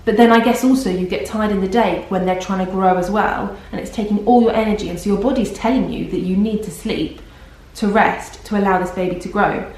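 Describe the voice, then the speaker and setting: A woman's voice: medium pitch, steady tone, brisk, hardly any pauses, a little mellow. A young pregnant woman vlogging casually, rambling and self-deprecating, tired. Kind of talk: casual vlog chat. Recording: very echoey room.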